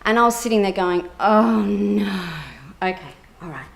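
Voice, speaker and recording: Animated woman telling a therapy story. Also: lowish voice, fast talker, a little hiss or hum. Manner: animated, acts out quoted dialogue, many fillers. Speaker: therapist and keynote speaker. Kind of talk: conference keynote talk, personal storytelling.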